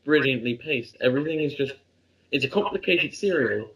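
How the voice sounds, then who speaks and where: A man co-hosting a review podcast, talking in an admiring, halting casual way. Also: mid-range voice, lively intonation, a bit bright, slightly rough, highs cut off. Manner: admiring, hesitant with restarts. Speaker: podcast co-host.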